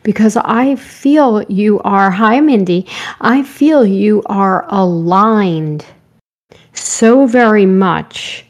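A woman hosting a live-streamed spiritual talk, her voice slightly hoarse, rambling gently and greeting viewers by name. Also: mid-range voice, drawn-out words. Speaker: spiritual show host.

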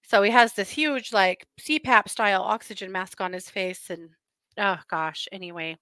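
Bright, chatty woman streamer. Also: medium pitch, moderate pace, smooth, no echo. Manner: chatty and rambling, laughs often, many asides and restarts. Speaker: livestream host reading viewer comments. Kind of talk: casual true-crime chat with viewers.

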